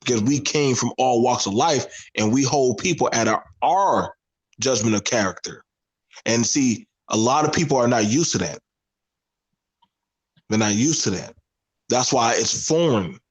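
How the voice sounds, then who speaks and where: A man's voice: mid-range voice, lively intonation, measured pace, breathy edge, low-quality recording. Male panel guest, Southern US accent, earnest and emphatic, mid-range voice. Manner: earnest, emphatic, repeats phrases. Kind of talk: casual panel discussion.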